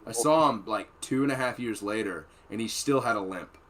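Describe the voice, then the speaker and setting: A man's voice: fairly low pitch, a little fast, a crowd in the background. A man and former Marine telling profane, rambling war stories in a casual podcast chat. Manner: profane, rambling, animated storytelling. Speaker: podcast host.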